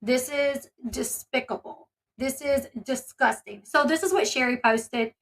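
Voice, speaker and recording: A woman with a high, bright voice talks through a commentary video. Her delivery rambles and turns emphatic and indignant, full of asides to her viewers. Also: measured pace, vocal fry. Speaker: commentary channel host; mother. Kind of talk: casual commentary.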